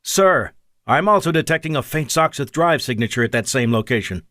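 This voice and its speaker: A man's voice: mid-range voice, lively intonation, a little fast, a bit bright, no room sound, clean studio sound, voice pushed up, natural voice. A man voicing an alarmed young male starship officer, speaking urgently in a raised voice. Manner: urgent and tense.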